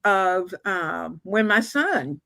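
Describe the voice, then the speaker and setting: An older woman hosting a livestream chat show, talking gently and rambling with many fillers. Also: mid-range voice, animated, extremely slow, creaky, no echo. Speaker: show host.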